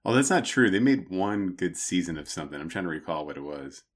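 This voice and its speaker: A man with a deep, low voice trades casual banter on a podcast. He keeps it loose and jokey, wandering into pop-culture tangents. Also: lively intonation, a little fast, husky. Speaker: podcast co-host.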